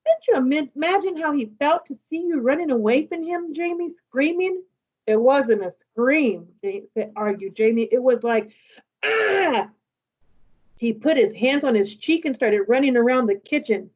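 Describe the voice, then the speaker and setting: A woman's voice: sits high, moderate pace, husky, lo-fi sound. Woman teacher reading a novel aloud. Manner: lively, voices the characters' dialogue.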